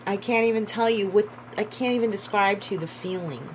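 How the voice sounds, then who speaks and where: A woman giving a tarot reading in a slow, musing way, repeating herself and breaking into excited bursts. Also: medium pitch, a little hiss or hum, poor audio. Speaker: tarot reader.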